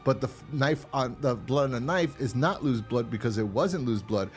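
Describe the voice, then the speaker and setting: A man's voice: medium pitch, moderate pace, soft background music. A man casually retelling an episode's plot on a podcast, swearing and restarting often. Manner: rambling, profane retelling with many restarts. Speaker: podcast co-host reviewing a horror episode. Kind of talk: casual chat.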